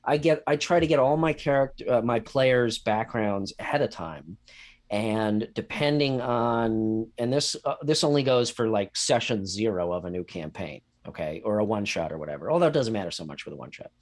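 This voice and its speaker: A man's voice: lowish voice, lively intonation, normal speed. A man co-hosting a casual tabletop-gaming chat, rambling and hedging with caveats, laughing often and swearing. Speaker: podcast co-host and game master.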